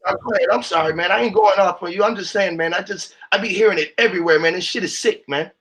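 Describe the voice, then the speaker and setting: Man with a high voice, preaching hard and swearing freely as a speaker on a live call-in panel. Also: fast, a bit bright. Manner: profane, fired-up, preachy.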